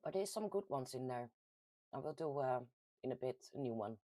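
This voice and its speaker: With a very deep, warm voice, a woman from the Netherlands speaks at normal speed in an animated way, no echo present. She hosts a casual live chat from home in a Dutch accent, chatty and quick to laugh as she reads viewer comments aloud.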